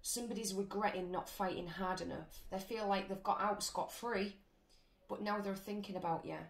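A woman's voice: mid-range voice, fairly even intonation, moderate pace. A woman giving a casual tarot reading to her viewers, chatty and blunt, swearing freely as she goes. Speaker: tarot reader. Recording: echoey room with faint noise.

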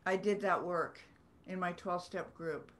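A woman's voice: fairly low pitch, fairly even intonation, moderate pace, a bit bright. A woman, an author telling rambling, earnest stories with self-deprecating humor on a video call. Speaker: author guest. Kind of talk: storytelling in a video-call book club.

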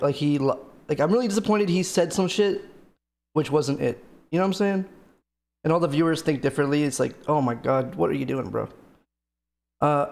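A male streamer talks straight to his live chat in a loose, rambling way, piling on fillers and swearing as he vents. His voice sits a bit high with a rough, gravelly fry running through it. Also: a little mellow. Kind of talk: casual chat to stream viewers.

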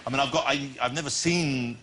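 A man's voice: mid-range voice, brisk. A man hosting a talk show, asking playful, faux-naive questions and joking at his own expense. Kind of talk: comic chat show interview. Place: television studio with live audience. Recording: studio audience laughter and noise.

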